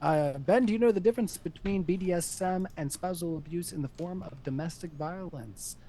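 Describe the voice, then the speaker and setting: A man's voice: sits high, fairly quick, mellow, a little hiss or hum. A man moderating a live stream, reading out paid chat messages on a close mic and laughing often. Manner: reads donations aloud, laughs often, chipper. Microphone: close desk mic.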